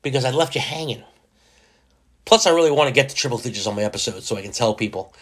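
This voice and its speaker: A man's voice: mid-range voice, animated, fast talker. A man hosting his own podcast, talking casually and joking, acting out little imagined conversations. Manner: chatty, jokey, acts out little imagined dialogues. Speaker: podcast host. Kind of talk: casual solo podcast monologue.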